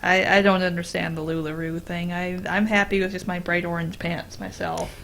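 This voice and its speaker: A woman's voice: on the low side, level tone, moderate pace, gravelly, fairly bright tone, a little hiss or hum. A woman co-hosting a podcast in casual chat, wry and blunt. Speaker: podcast co-host.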